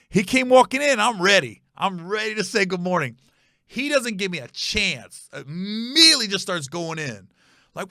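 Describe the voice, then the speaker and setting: A comedian telling a comic story on his podcast in an animated, wry, profane way. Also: high voice, normal speed, dry recording, clean studio sound.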